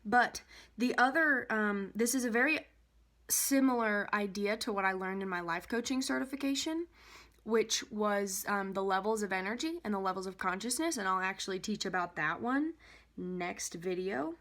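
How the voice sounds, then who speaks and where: A woman's voice: normal speed, fairly bright tone. A young adult woman, a life coach, explaining an idea casually in a rambling way, with many fillers and restarts. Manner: acts out an anxious inner voice, rising in pitch.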